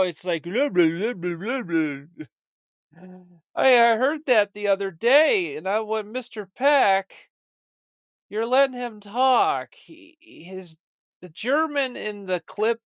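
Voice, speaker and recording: A man's voice: sits high, fairly bright tone, no echo. A man hosting a comedic show, rambling and stammering as he chats. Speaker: show host. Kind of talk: comedic podcast chat. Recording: dull, lo-fi dry recording.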